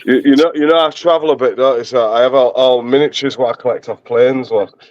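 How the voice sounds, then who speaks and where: A man's voice: medium pitch, steady tone, fairly quick, a little mellow, no room sound, dull audio. A man, the host's father, chatting casually on the stream and laughing often. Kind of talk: casual chat.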